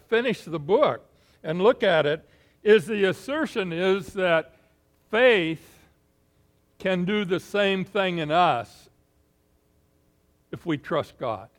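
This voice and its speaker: A man preaching a sermon in an unhurried, folksy way, pausing often with fillers and clearing his throat. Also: high-pitched. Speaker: pastor.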